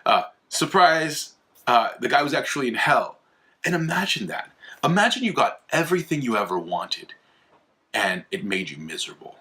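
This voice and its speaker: A young man hosting an apologetics channel, talking casually in a rambling way with many fillers and restarts, and animated when he retells a story. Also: medium pitch, brisk. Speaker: host of an apologetics video channel. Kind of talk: casual explainer monologue.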